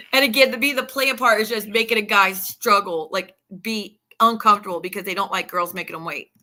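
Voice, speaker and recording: A woman with a bright, clear voice and a twang, chatting candidly on a livestream. She rambles and reads text messages aloud, mid-pitched and conversational. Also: normal speed. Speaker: streamer. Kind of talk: casual livestream talk.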